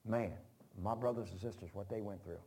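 A man's voice: lowish voice, a little fast, dark tone. A man preaching an informal sermon, folksy and rambling, repeating phrases for emphasis. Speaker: pastor.

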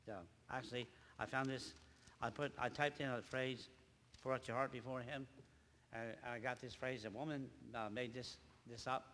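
An older man, a grandfather, preaching a rambling church testimony with halting, repeated words. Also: mid-range voice, steady tone, a bit bright, long reverb tail, slight background noise. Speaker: lay preacher.

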